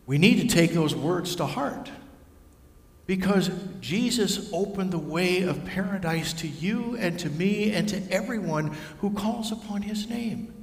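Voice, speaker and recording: A man with a fairly high voice preaching a sermon in a church, telling the story vividly. The sound carries a long, echoing reverb from the large room. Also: animated, measured pace, creaky. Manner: storytelling, varies voice for figures. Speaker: pastor. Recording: echoey hall with long reverb.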